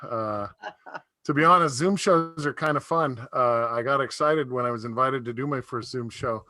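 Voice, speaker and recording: Middle aged guy doing standup over a video call, bright voice, laughs at his own jokes. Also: medium pitch, normal speed. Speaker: stand-up comedian.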